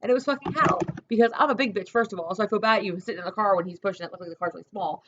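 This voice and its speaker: A woman's voice: medium pitch, racing, muffled recording. A woman rambling profanely and self-deprecatingly in a casual vlog, talking to her own camera. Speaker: vlogger. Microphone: camera mic.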